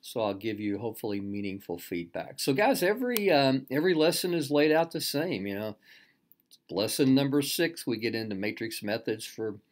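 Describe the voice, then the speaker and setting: A middle-aged male instructor talks students through an online course in a loose, unscripted way. He stops and restarts often, leaning on fillers and throwing in self-deprecating asides, and his voice sits at an ordinary, mid-range pitch for a man. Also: sing-song, normal speed. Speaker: course instructor and graduate program director. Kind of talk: casual recorded course walkthrough.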